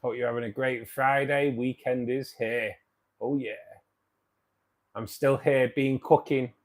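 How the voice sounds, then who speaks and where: A man hosting a casual live stream, greeting viewers by name and chatting loosely, his sentences often trailing off softer at the end. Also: mid-range voice, steady tone, unhurried. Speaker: livestream host. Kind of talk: casual live chat reading viewer comments.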